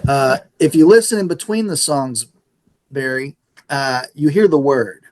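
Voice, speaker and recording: A middle-aged radio station manager from the San Antonio area of Texas tells stories in a casual interview, animatedly acting out the dialogue. His voice is mid-range and his pace measured.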